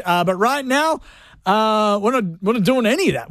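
A man hosting a radio show, joking and talking in playful fast patter from his studio. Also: high-pitched, big pitch swings, a bit bright, dry recording. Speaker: radio host.

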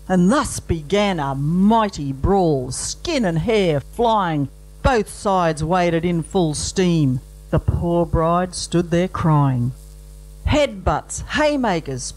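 Slow, dry Australian bush poet. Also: male voice, high voice, low-quality recording. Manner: dry, rhythmic storytelling with broad slang. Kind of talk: comic bush poetry recital.

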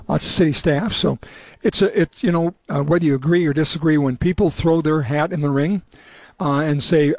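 A man's voice: on the high side, fairly quick, a little mellow, no echo. A man hosting a radio talk show on location at an indoor event, chatting casually and rambling a little. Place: indoor event at a city hall.

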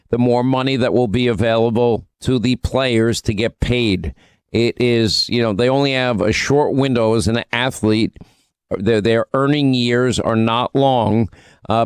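A man's voice: mid-range voice, clean tone, dry recording. Chatty opinionated man on talk radio. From New York. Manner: chatty, opinionated, with frequent fillers. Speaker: radio show co-host. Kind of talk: talk radio banter and commentary.

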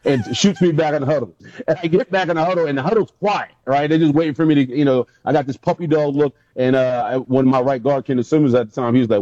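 A man, a former pro football player, recounts locker-room stories as an interview guest. His voice is mellow and dark, with a dry, dull lo-fi sound. He tells them with energy and acts out what others said. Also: mid-range voice, fast talker, no echo. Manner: animated storyteller, acts out quotes. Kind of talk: casual interview storytelling.

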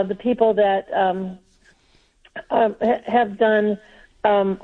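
A woman's voice: mid-range voice, phone-quality sound. A woman co-hosting a Christian talk show who speaks hesitantly, with many ums and restarts. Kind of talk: conversational religious commentary.

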